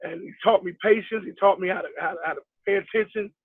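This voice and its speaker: A man's voice: high voice, fast, slightly rough, no echo. A middle-aged man from New York, a basketball coach telling his story in a casual interview, rambling and acting out the people he quotes, with lots of fillers. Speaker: basketball head coach, guest. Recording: tinny dry phone-like line.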